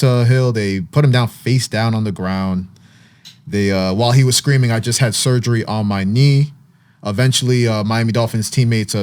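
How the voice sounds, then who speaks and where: A man hosting a casual sports talk show, retelling a news story with lively storytelling and frequent fillers. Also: medium pitch. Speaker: podcast host.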